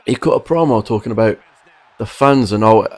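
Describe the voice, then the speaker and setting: A wrestling commentary vlogger rants to camera, delivering a frustrated, emphatic opinion about wrestling. His voice is lowish and brisk, and the recording has no echo.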